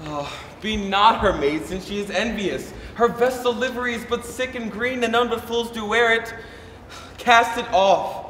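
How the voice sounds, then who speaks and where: A young man playing Romeo, ardent and dreamy, declaiming then dropping to hushed asides. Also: high voice, moderate pace, a little hiss or hum. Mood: yearning. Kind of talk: live stage acting. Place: school building during a performance. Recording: echoey hall, distant camera.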